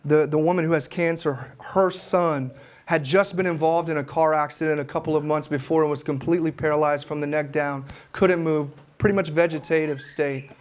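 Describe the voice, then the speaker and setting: A man, an evangelist teaching at a conference, telling his stories with fervor. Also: fairly high pitch. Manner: fervent storytelling, acts out his own prayers.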